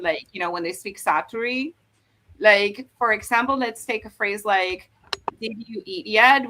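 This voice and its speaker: In a pushed, bright voice of medium pitch, a woman hosting a live stream goes over points about Korean dialects. It's a casual chat, peppered with fillers and restarts.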